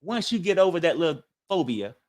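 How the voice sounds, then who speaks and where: A man's voice: a little high, very animated. A man who is a guest on a gossip stream, talking candidly in slangy casual chat. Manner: candid, slangy, quick to laugh.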